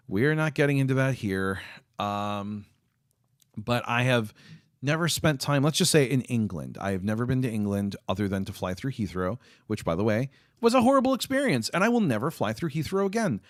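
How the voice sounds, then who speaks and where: A man's voice: medium pitch, expressive, moderate pace, dry recording, studio quality. A man chatting casually with viewers on a live stream, rambling with lots of fillers and restarts. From United States.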